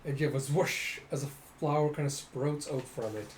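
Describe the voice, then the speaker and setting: A man's voice: medium pitch, moderate pace. Man reading comics with sound effects. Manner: animated, acts out sound effects. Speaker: comic readthrough host. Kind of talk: casual comic readthrough. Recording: echoey room, faint noise.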